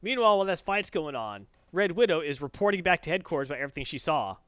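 Animated man recapping a comic, lo-fi. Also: fairly high pitch, clear, resonant tone, no echo. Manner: animated, acts out characters' lines in quick voices. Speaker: comic book podcast host. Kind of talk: casual chat recapping a comic. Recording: dull lo-fi dry recording.

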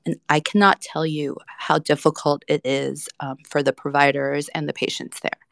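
Earnest woman litigator on a panel, gravelly edge, dry close sound. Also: sits low, flat delivery, normal speed, a bit bright, no echo. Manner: earnest, many fillers. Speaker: lawyer and litigator. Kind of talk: panel discussion.

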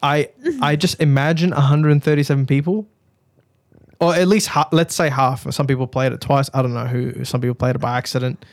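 A man's voice: mid-range voice, steady tone, fairly quick, no room sound. A man hosting a casual podcast, rambling and joking with plenty of swearing. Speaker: podcast host.

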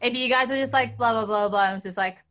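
A woman's voice: a little high, fast, fairly bright tone. An Australian woman co-hosting a podcast, chatty and giggly, with lots of fillers as she recaps. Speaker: podcast co-host. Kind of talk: casual chat.

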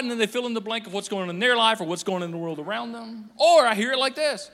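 A man preaching a sermon as pastor, animated and joking, acting out the voices of people he quotes. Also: sits high, fast, few pauses. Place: church auditorium. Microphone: handheld microphone on stage. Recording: echoey church hall.

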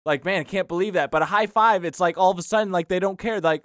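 A man's voice: sits high, fast talker, few pauses, a bit bright, no echo, clean studio sound. A young man co-hosting a casual comedy podcast, ranting and mimicking people in exaggerated voices. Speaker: podcast co-host.

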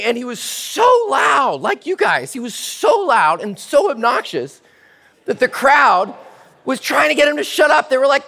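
Animated male pastor preaching. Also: very high-pitched, measured pace, gravelly, in a large hall. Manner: animated, addresses children directly. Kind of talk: sermon. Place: church.

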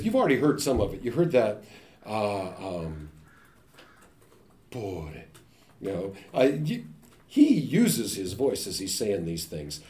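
A man giving a linguistics talk, animated and joking, often imitating sounds and voices. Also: mid-range voice. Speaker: linguistics lecturer. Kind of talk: academic talk. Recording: echoey room.

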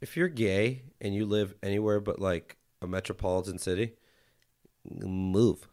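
A man on a casual comedy podcast, cracking crude rapid-fire jokes and laughing often. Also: lowish voice, darkish tone. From United States.

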